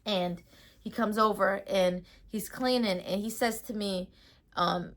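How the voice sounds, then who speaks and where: A young adult woman tells a storytime to her camera, talking casually and ranting with plenty of slang. Her voice is bright and forward, sitting at an ordinary pitch for a woman. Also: fairly even intonation, slow pace. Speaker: storytime vlogger.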